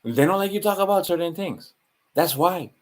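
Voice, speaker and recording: A man's voice: high voice, animated, normal speed. A man with a Hawaiian Pidgin accent talking in a casual, rambling monologue, full of restarts and slang.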